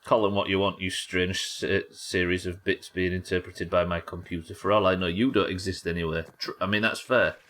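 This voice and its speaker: A man's voice: deep voice, flat delivery, brisk, few pauses, a bit bright. An English man casually commentating a live game stream, wry and sweary, bantering with his viewers as he plays. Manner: wry, sweary, chatting to viewers while playing.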